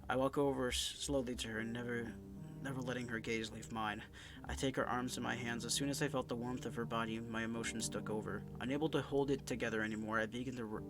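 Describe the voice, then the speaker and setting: A male gaming YouTuber reading a visual novel aloud in an emotional, earnest way, sometimes stumbling over his words. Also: mid-range voice. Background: background music.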